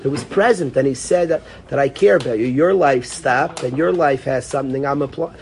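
A man's voice: medium pitch, fairly quick, a little mellow, slight background noise. A man teaching an informal Torah class, talking conversationally, repeating phrases and calling on students by name.

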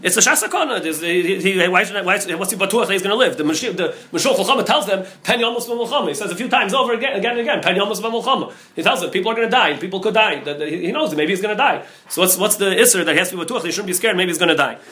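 Male rabbi lecturing on Talmud; rapid, repetitive delivery with a high, bright voice. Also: animated. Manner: rapid, repetitive, heavy with Hebrew and Yiddish terms.

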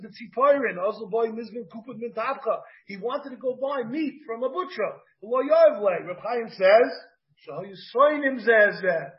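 A man, a rabbi, teaching a Talmud class in an animated way, mixing English with Hebrew and Aramaic terms and checking in with "right?". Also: very high voice. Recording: dull, lo-fi class recording.

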